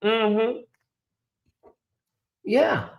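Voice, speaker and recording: A man's voice: high voice, very slow, creaky, dull audio. A man hosting a casual livestream, chatting straight to his viewers, reading comments aloud and slipping into mocking voices. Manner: animated and chatty, slips into mocking put-on voices; talks straight to viewers and reads chat aloud. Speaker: host.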